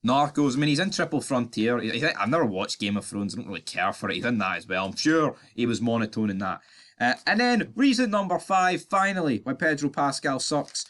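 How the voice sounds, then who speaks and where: A young Scottish man hosts his own channel. He talks in a blunt, sarcastic rant, swears casually and stumbles over his words. His voice sits at an ordinary, middling pitch. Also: lively intonation, a little fast, fairly bright tone. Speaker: YouTube channel host. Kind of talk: opinionated ranting commentary.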